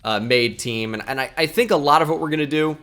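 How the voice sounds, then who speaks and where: A man's voice: a little high, quick pace, fairly bright tone, faint music behind. A man giving casual, chatty commentary while playing a football management game, thinking aloud and joking at his own expense. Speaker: gaming YouTuber.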